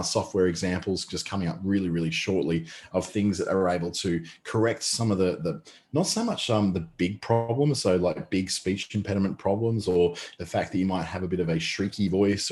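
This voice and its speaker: A man's voice: sits low, a little mellow. An Australian man with a slight lisp, chatting casually as he teaches a live online class. He rambles a little, with fillers and restarts, and talks from a short distance off his mic. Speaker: presenter. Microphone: mic a short distance away, no pop filter.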